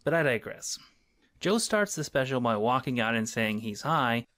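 A man narrating a scripted review video in a snarky, deadpan way. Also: mid-range voice, normal speed. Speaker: video commentator.

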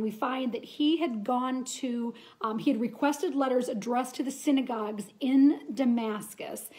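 Woman, casual Bible teaching, earnest, chatty, somewhat high-pitched. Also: a little mellow. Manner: earnest, chatty, with frequent restarts and reading aloud.

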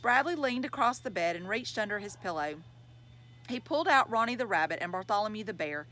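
Woman reader, children's novel, lively pitch, expressive. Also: fairly quick, low-quality recording. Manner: expressive storytelling. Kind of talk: reading a children's novel aloud.

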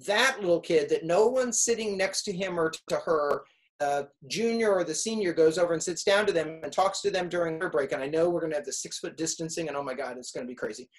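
A middle-aged man, a music teacher, giving casual advice to students in an animated, storytelling way, often acting out what kids say. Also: a little high, quick pace, poor audio.

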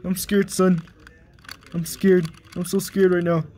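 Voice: medium pitch, little pitch movement, a little slow, dark tone, a little hiss or hum, lightly acted. A performer voicing a timid, easily frightened dad who whimpers and screams in panic. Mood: scared. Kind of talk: comedy skit acting.

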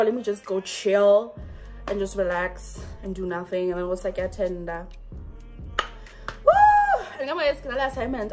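Young woman vlogger, high voice, rapid rambling chat, soft music behind. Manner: chatty, rambling, keeps saying "guys". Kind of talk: casual vlog chat.

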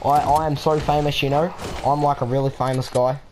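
A man's voice: a little high, little pitch movement, a little fast, darkish tone, a little hiss or hum. A man chatting playfully in voice chat while gaming, putting on a broad Australian voice full of slang. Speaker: gamer trolling in voice chat.

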